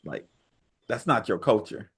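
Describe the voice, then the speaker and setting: A man's voice: fairly low pitch, very animated, unhurried, fairly bright tone, slightly rough. A man co-hosting a podcast, giving firm opinions in a laid-back slangy casual chat. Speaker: podcast co-host.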